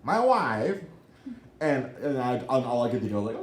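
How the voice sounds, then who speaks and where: A man co-hosting a podcast in casual chat, excitable and swearing freely, with many restarts. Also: mid-range voice, moderate pace, roomy sound. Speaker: podcast co-host. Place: podcast studio.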